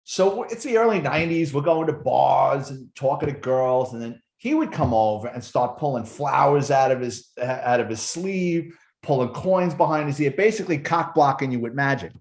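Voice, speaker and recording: A man who is a former police officer, telling animated, profanity-laced stories in casual conversation as a podcast guest. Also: medium pitch, moderate pace, hardly any pauses, echoey room. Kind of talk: casual storytelling.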